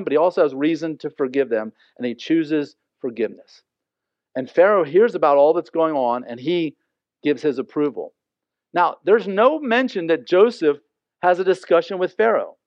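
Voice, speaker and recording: A man's voice: on the high side, no echo, highs cut off. A man preaching a sermon, reading Bible verses aloud and explaining them in a conversational way. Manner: reads scripture aloud then explains it conversationally. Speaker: pastor.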